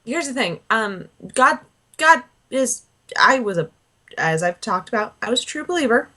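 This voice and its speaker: A woman co-hosting a podcast, chatting casually and ranting bluntly with lots of swearing and quick mock voices. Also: a little high, very animated, sharp tone. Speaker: podcast co-host. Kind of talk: casual profane chat.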